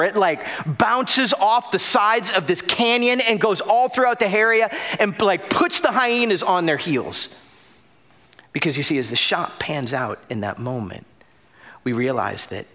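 A young adult man preaching a sermon as pastor, telling a story with loud bursts and hushed drops. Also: sits high, expressive, measured pace.

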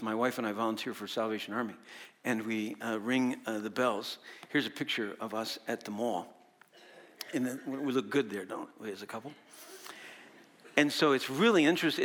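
A man preaching a sermon as pastor, telling stories with animation and dropping to hushed tones on key points. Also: mid-range voice.

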